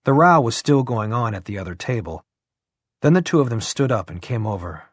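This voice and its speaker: A man with a mid-range voice narrates an audiobook in a measured, even storytelling style. The recording is dry and of studio quality.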